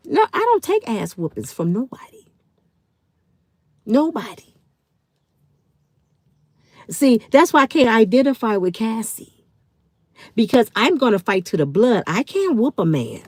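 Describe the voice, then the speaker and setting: A woman's voice: fairly high pitch, big pitch swings, measured pace, pauses often, no echo. A woman in her fifties hosting a live stream, answering her chat in a heated, blunt way and swearing freely. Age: 50s. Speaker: channel host.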